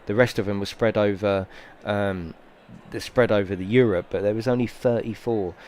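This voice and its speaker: A man's voice: lowish voice, fairly even intonation, moderate pace, darkish tone, a little hiss or hum. A middle-aged British man chatting casually on a sim racing stream, a rambling, sweary storyteller who grows heated. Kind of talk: casual live-stream chat.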